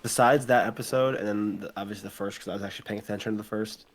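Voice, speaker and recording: A man's voice: fairly low pitch, fairly even intonation, racing. A man co-hosting a casual podcast who complains bluntly. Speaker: podcast co-host. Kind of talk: casual chat.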